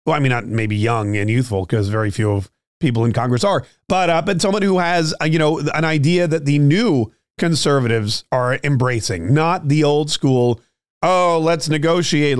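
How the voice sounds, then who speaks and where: A man's voice: medium pitch, no echo, clean studio sound. Opinionated man hosting a solo political show. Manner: opinionated, talks straight to listeners with frequent fillers and restarts. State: clearing his throat, slightly choked up. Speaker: political podcast host.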